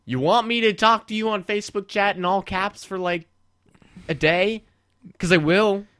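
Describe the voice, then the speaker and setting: A man co-hosting a casual online show, chatting in an animated, rambling way with restarts. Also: sits high, normal speed, clear, resonant tone, no room sound, studio quality. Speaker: co-host. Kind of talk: casual chat.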